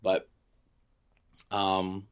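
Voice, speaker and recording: A man's voice: deep voice, monotone, extremely slow, smooth. A middle-aged man from Pittsburgh with no regional accent, rambling through a crude, self-mocking comedy monologue. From Pittsburgh, USA. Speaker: comedian vlogger.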